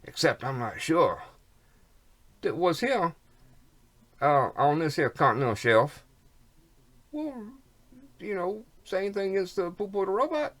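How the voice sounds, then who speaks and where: Lively rambling vlogger with playful rhymes. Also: mid-range voice, takes it slowly, long pauses. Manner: rambling, rhyming wordplay, folksy slang; repeats words, trails off. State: coughing, snotty. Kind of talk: rambling monologue.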